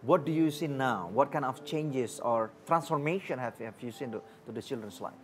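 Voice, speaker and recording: A man's voice: mid-range voice, moderate pace, a little hiss or hum. A man hosting an interview, asking questions with short encouraging affirmations. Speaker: host.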